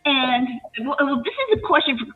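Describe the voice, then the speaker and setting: A woman's voice: sits high, a little fast. Woman telling a story over a tinny line. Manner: animated, emotional retelling with restarts. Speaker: live chat guest. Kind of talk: casual storytelling chat. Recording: tinny phone-line audio with faint music.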